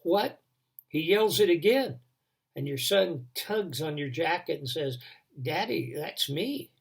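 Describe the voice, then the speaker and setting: A man telling a dramatic devotional story, building tension and then dropping to a hush. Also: fairly high pitch, animated, measured pace, vocal fry, breathy edge. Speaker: devotion speaker.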